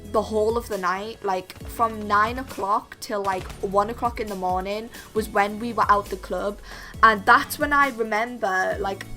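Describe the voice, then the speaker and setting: Chatty young woman, bright voice. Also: a little high. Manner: chatty, constantly says "like" and "literally". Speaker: vlogger. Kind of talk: storytime monologue.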